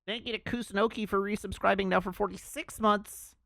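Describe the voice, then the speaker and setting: A man's voice: high-pitched, fairly even intonation, brisk, vocal fry, bright, forceful tone, no room sound, studio quality. A man chatting casually on his livestream, laughing and reading out chat messages.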